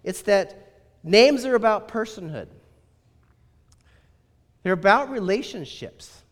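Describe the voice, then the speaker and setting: A man voicing an indignant older Scottish pastor in a Scottish accent, speaking forcefully and emphatically in a long, reverberant hall. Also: high voice, lively intonation, slow, pitched above the performer's own voice, full character voice. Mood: earnest. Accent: Scottish, put on.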